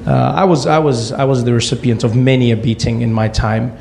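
Male stand-up, creaky voice, deadpan storytelling. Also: mid-range voice. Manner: deadpan asides in a slow build. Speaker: stand-up comedian.

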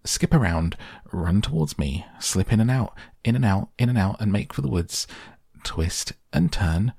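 A man voicing a bossy, loud farmyard goose, with a high, shrill and urgent manner. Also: animated, measured pace, gravelly, slightly rough, no room sound, clean studio sound, heavily acted. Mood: bossy frantic.

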